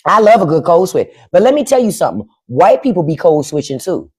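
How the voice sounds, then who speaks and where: A woman hosting a livestream with casual comedic commentary in African American English, profane and animated, often acting out other people's voices. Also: fairly low pitch, brisk, breathy edge. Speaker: podcast host. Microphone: phone or desk mic on a livestream.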